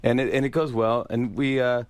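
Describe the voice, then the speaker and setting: A man telling a lively anecdote as a guest on a radio show, laughing and imitating people. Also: mid-range voice, moderate pace. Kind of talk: casual storytelling on a radio show.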